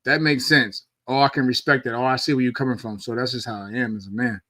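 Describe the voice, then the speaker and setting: Bright-voiced man in casual chat. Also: medium pitch, fast talker, dry recording. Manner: loose, repetitive restarts, slangy. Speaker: podcast co-host, former boxer.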